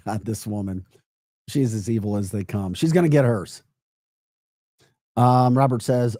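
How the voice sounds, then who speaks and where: An American man hosts a live political podcast, emphatic and mocking, often laughing as he reacts to chat comments. His voice is fairly low and mellow, measured with long pauses, recorded clean in a studio with no room sound.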